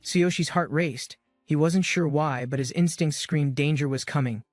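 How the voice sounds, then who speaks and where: A man's voice: a little high, moderate pace, no echo, clean studio sound, soft background music. A man giving scripted, dramatic narration of a comic-book recap.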